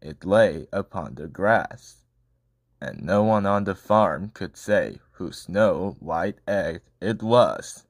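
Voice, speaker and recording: A man's voice: deep voice, animated, takes it slowly, no echo, clean studio sound. A man, the channel host, reading a children's picture book aloud in an upbeat, playful way. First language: Korean. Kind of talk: children's story read-aloud.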